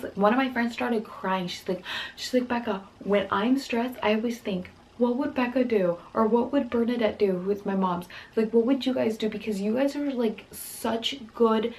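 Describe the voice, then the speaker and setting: A woman's voice: medium pitch, gravelly, low-quality recording. A young woman and mother of four telling an upsetting story to camera, rambling with many restarts and quoted voices. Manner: rapid, rambling, full of restarts and quoted dialogue.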